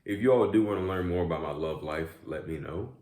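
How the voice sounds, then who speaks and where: A young man with a deep, low voice talks in a relaxed, rambling vlog chat, leaning on "man" and "y'all". The sound comes back off the walls of an echoey room. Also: brisk. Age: young adult. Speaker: YouTube vlogger. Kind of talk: casual mukbang chat.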